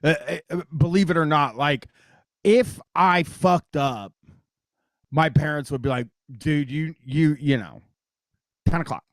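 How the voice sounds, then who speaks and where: A man's voice: fairly high pitch, unhurried, long pauses, no room sound. Man, Midwestern accent, radio call-in host, rambling, casual swearing, dry close sound. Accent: Midwestern American. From Columbus, Ohio, US Midwest. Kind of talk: casual radio talk show chat.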